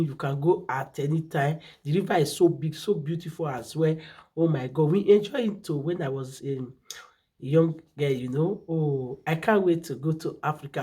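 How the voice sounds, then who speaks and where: A woman's voice: low-pitched, warm tone, husky. A woman hosting a reaction video, talking casually and effusively, often hunting for words. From Nigeria. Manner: effusive, repeats exclamations, searches for words.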